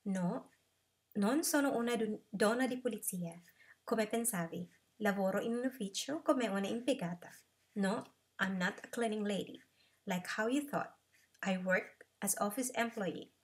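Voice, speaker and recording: A woman reading a calm, polite office worker. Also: medium pitch, normal speed, natural voice. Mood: calm, firm. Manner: patient, kind replies.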